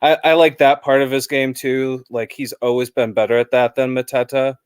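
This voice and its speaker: A man's voice: mid-range voice, level tone, moderate pace, smooth, no echo, clean studio sound. A man chatting casually as a guest fan about a football match, rambling with lots of fillers.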